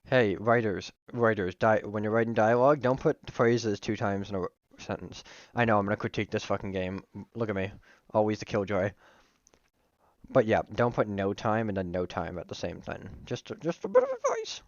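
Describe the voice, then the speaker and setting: A man's voice: fairly low pitch, fairly even intonation, normal speed, no echo, muffled recording. A man streaming a game, joking and swearing as he reads its text aloud and comments on it. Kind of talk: casual game playthrough commentary.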